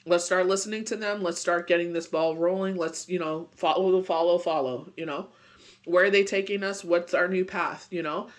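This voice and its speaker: Man, high voice, casual tarot reader, rambling, filler-heavy, recovering from a cold. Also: steady tone, normal speed. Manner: rambling, full of "you know" and "it's just like". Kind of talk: casual daily tarot reading.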